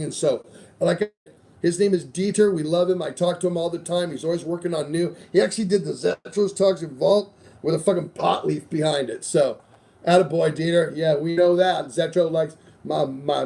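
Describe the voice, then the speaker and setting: A man's voice: on the high side, gravelly, mellow. A middle-aged man hosting a casual podcast, rambling loosely through sponsor reads with plenty of swearing. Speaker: show host.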